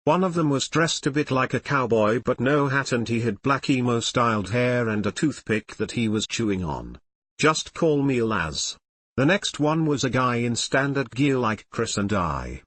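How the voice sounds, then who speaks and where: A man's voice: mid-range voice, animated, normal speed, fairly bright tone. A man reading a fan fiction story aloud, giving the dialogue light voices. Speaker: reader.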